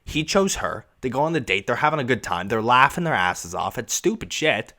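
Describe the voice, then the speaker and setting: A man's voice: medium pitch, sing-song, fairly quick, pushed and bright. A young man hosting a podcast, ranting casually and sarcastically with lots of profanity. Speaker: podcast host.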